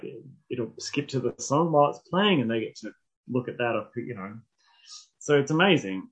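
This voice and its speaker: A man co-hosting a podcast, chatting casually with relaxed, trailing sentences and frequent laughter. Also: medium pitch, muffled recording. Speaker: podcast co-host. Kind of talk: casual chat.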